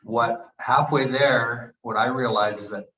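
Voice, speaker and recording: A man in his sixties from Canada, a retired hockey player telling animated stories at a book event and acting out the quotes. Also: medium pitch, unhurried, a little hiss or hum. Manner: animated anecdotes with acted quotes. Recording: echoey, dull room recording.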